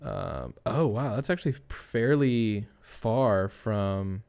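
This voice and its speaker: A man's voice: fairly low pitch, slow, gravelly, a little mellow. A young man hosting a casual true-crime livestream, thinking aloud and rambling with restarts while reading chat. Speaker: livestream host.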